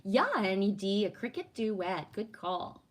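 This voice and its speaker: A woman's voice: medium pitch, unhurried. A woman hosting a livestream who chats casually, reads viewer comments aloud and muses on spiritual topics, often adding "right?". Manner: warm, affirming, spiritual musing with frequent "right?". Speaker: livestream host answering chat.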